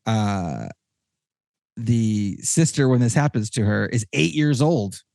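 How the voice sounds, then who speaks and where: A man hosting a casual podcast chat with a Texan accent, rambling and excitable, with many restarts. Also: lowish voice, slow pace, gravelly, dry recording, studio quality. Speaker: podcast host.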